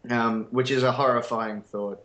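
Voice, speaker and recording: A man's voice: medium pitch, fairly even intonation, moderate pace, fairly bright tone. An Australian man chatting as a podcast guest, rambling and wry, poking fun at himself with lots of ums and uhs. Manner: rambling, wry and self-mocking, with many fillers. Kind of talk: casual chat. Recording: roomy echo.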